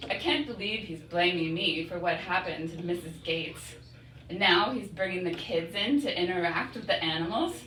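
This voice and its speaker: A woman's voice: lowish voice, moderate pace, background noise, lightly acted. A woman playing an exasperated rival animal activist in a comedy skit. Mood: indignant. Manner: exasperated, complaining. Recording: echoey room from far off.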